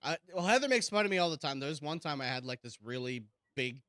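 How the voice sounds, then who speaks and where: A man in his thirties co-hosts a crude, loose podcast chat, swearing and laughing all the way through. His speaking voice sits high for a man. The sound is close and dry, with no room echo. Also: expressive, fast talker, bright, forceful tone. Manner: swears a lot, laughs often, says "dude". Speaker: podcast co-host.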